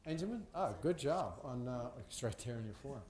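Jovial, quick-talking naval officer. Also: male voice, medium pitch, animated, a little mellow. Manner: jovial, joking. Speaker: senior naval officer hosting an all hands call. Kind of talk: casual banter while handing out coins. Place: large base venue with an audience. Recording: roomy echo from a large venue.

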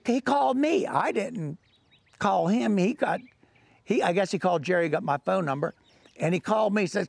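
A man's voice: sits high, gravelly, dry recording. An older man, an author, telling a folksy, rambling anecdote with restarts. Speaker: author and storyteller.

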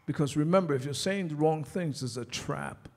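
Husky New pastor preaching. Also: male voice, on the high side, moderate pace, darkish tone. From New York. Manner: repetitive rhetorical questions, conversational preaching. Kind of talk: sermon.

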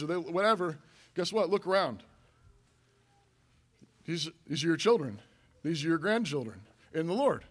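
A middle-aged male pastor preaching in a church, his voice sitting a little high for a man. He talks to the congregation in a loose, conversational way, circling back and repeating key words for emphasis. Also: normal speed. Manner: conversational preaching with frequent restarts and repetition. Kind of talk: sermon. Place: church sanctuary.

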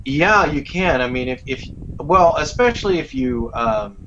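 A man's voice: high-pitched, measured pace, vocal fry, lo-fi sound, slight background noise. A man, a voice actor being interviewed, talking casually with lots of fillers and restarts. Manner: relaxed, rambling, with many fillers. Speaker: voice actor guest. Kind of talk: casual interview over a call.

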